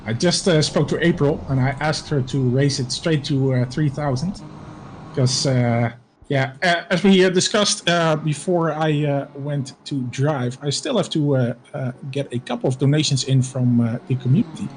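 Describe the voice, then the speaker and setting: Hesitant sim racer. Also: male voice, fairly high pitch, normal speed, a little hiss or hum, poor audio. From Netherlands. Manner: hesitant, many fillers. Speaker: sim racing driver. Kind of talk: casual chat.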